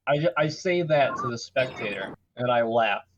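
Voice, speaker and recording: Playful player with a lively voice. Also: mid-range voice, normal speed, muffled recording, very noisy. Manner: playful, laughing. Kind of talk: casual tabletop chat.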